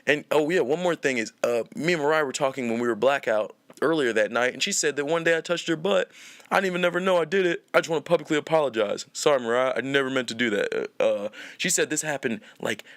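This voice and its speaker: A man's voice: medium pitch, a bit bright, no room sound. A young man hosting a podcast, telling a long story in a rambling, profane way with many restarts. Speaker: podcast host. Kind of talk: casual storytelling.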